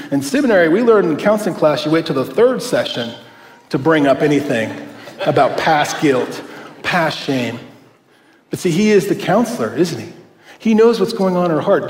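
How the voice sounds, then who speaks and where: Guy preaching a sermon, kinda high voice, chatty with lots of "right?", big echoey church sound. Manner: conversational preaching with frequent "right?" asides and light laughs. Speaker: pastor. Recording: echoey hall, long reverb.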